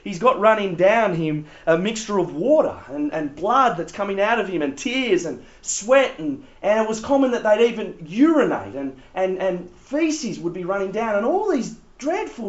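A man gives a casual, animated Bible talk to young people, often laughing. His voice sits high and swoops widely. The recording is roomy and slightly dull. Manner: animated, laughing, conversational preaching. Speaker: youth leader.

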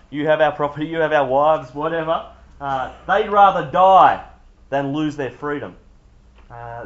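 Man preaching a casual sermon. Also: high voice. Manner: conversational, jokey, talks with the room. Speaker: youth pastor. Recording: dull lo-fi sound.

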